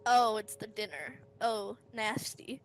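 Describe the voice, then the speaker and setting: A woman's voice: medium pitch, animated, takes it slowly, soft background music, low-quality recording. A woman player in a tabletop game who talks in a giggly, hesitant way.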